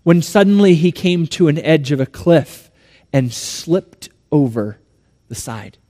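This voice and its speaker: A male pastor delivering a sermon in a church, telling a story with dramatic swings between soft and loud. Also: a little high, animated, slow pace, big-room sound.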